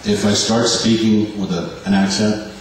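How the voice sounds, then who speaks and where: A man in his forties giving a halting, self-deprecating personal testimony to a church congregation. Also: lowish voice, steady tone. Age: 40s. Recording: echoey hall from far off, faint hum.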